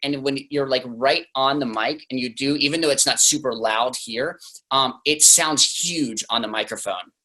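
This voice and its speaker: Bright-voiced man chatting loosely. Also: mid-range voice, moderate pace, low-quality recording. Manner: loose and chatty, heavy on "like" fillers. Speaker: singer, interview guest. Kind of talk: casual interview talk.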